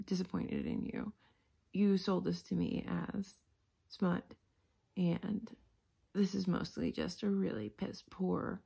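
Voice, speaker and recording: A woman's voice: mid-range voice, creaky, warm tone, slightly rough. A tired American woman in a casual reading vlog, exasperated and rambling, sometimes dropping to a whisper. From United States. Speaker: book vlogger.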